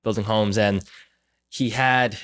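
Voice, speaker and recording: Here a young male podcast host talks in a lowish voice and takes his time. He tells stories casually and with lots of animation, acting out the voices of the people he quotes.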